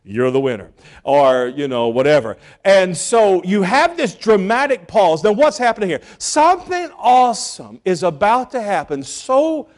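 A middle-aged male pastor preaching a sermon, telling stories with sudden swings from loud bursts to hushed asides. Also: high voice, big pitch swings, measured pace, few pauses.

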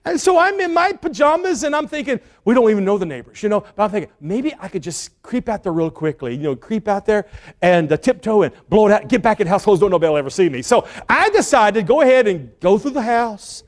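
A middle-aged man preaching, telling a lively family story and shouting the quoted lines. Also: high voice, fast. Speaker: pastor. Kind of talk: sermon storytelling.

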